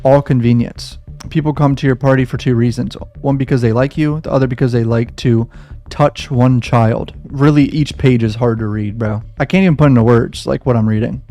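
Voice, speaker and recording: A man's voice: mid-range voice, steady tone, brisk, dark tone. A man hosting a reaction video who reads a diary aloud and reacts with shaken, swearing anger.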